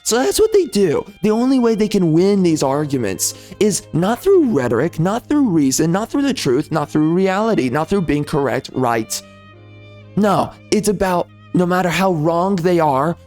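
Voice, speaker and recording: A man's voice: high-pitched, very animated, moderate pace, a little mellow, faint music behind. A man hosting a gaming commentary channel, delivering an angry, insulting political rant full of repetition.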